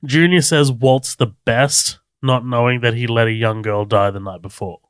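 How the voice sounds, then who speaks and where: A man's voice: medium pitch, fairly even intonation, moderate pace, clean tone, no echo, studio quality. A man co-hosting a podcast, casually recapping a TV episode, laid-back, swearing freely and laughing often. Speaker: podcast co-host.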